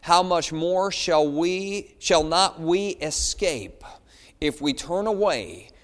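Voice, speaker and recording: A man's voice: on the high side, animated, slow, fairly bright tone, long reverb tail. A man preaching a sermon as pastor, pleading and building in intensity. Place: church.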